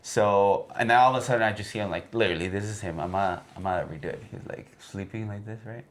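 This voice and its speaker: A man's voice: lowish voice, rapid-fire. A man and podcast co-host telling a casual anecdote, rambling with lots of fillers. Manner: rambling storyteller with many fillers.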